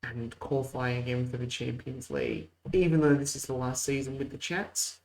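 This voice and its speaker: A man's voice: mid-range voice, level tone, moderate pace, darkish tone, low-quality recording. A man hosting a let's-play video, mixing mock play-by-play calls with muttered asides. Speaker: host. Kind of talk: casual let's-play game commentary.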